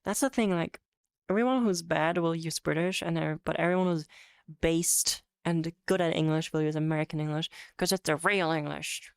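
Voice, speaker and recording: A woman's voice: low voice, normal speed, clean tone, no room sound, clean studio sound. A woman from Europe streaming as a VTuber, chatting casually with viewers in a rambling way, laughing often and restarting her words. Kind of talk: casual chat reading viewer comments.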